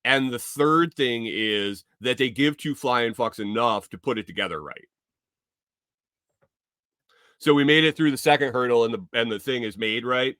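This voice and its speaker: A man's voice: medium pitch, moderate pace, few pauses, sharp tone, clean tone, dry recording, clean studio sound. A man hosting a podcast, talking in a rambling, jokey, profane casual monologue. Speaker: podcast host.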